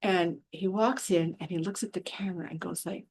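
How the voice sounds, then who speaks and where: A lowish, slightly mellow and slightly rough female voice keeps a steady tone at a moderate pace with few pauses. She works as an animal communicator and spiritual healer, chatting frankly in a casual monologue, voicing the people she quotes and making exasperated asides.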